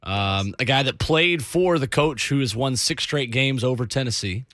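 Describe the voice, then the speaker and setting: A man's voice: mid-range voice, fairly bright tone, no echo. A man hosting a sports radio show, riffing playfully and laughing in a studio. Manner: playful, laughing, quick riffs. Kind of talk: casual radio chat.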